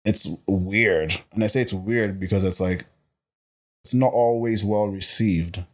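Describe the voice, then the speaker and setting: A young man from Botswana talks as a guest in a relaxed interview, his voice sitting fairly low. He speaks emphatically and with animation, often repeating words as he works out what he means. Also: unhurried. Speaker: guest, personal trainer. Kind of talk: casual interview chat.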